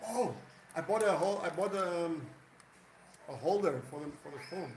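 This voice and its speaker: A man's voice: on the high side, animated, normal speed, echoey room, background noise. A man hosting a casual live stream, rambling and greeting viewers by name. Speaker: livestream host.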